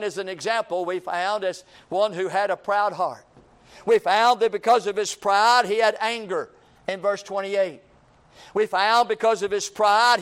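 Guy preaching a sermon, high smooth voice, keeps repeating lines and saying friend. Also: fairly bright tone. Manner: repetitive preaching cadence, addresses listeners as friend.

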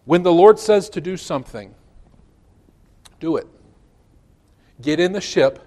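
Pastor, man, hoarse, emphatic sermon delivery, slightly high pitch. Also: expressive, measured pace. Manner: emphatic, swinging from loud declarations to low asides. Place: church sanctuary.

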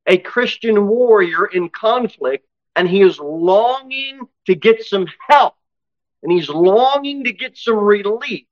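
Preacher, male, fairly high voice, dry lo-fi sound; punchy exhortation, slows to read verses. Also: dry recording. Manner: swings from loud exhortation to low, intense asides; reads scripture aloud, slowing for emphasis. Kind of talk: sermon. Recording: dull, dry lo-fi recording.

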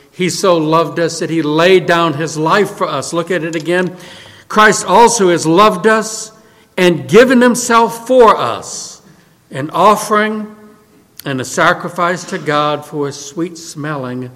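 A man preaching a sermon as pastor, moving from soft, low lines to loud, raised exclamations. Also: in a large hall.

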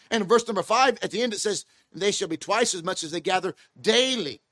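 A man's voice: high-pitched, fairly bright tone, dry recording, clean studio sound. A man preaching a sermon with emphatic delivery that rises and falls.

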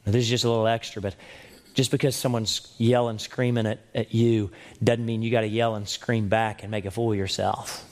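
A man's voice: lowish voice, little pitch movement, fairly quick, a little mellow. A man preaching a sermon in an earnest, emphatic way, with rhetorical questions to the congregation.

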